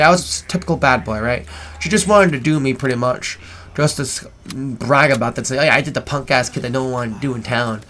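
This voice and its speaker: Over footage of gameplay, a gaming host spins a long, meandering, profane story, repeatedly asking "right?" at the ends of sentences. He has a highish, slightly bright voice, with a little hiss or hum in the recording.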